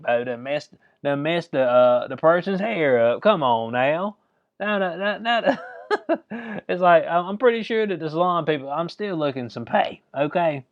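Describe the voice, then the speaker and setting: A man's voice: medium pitch, creaky, no room sound. A man, casually reading news aloud and joking about it. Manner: laid-back, joking, reads articles aloud. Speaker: commentary vlogger. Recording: dry, dull lo-fi mic.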